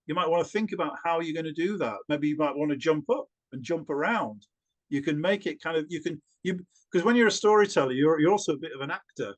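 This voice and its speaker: Animated man storyteller, slightly high voice. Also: fast. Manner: animated, with many repeated words and restarts. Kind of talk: interview answer.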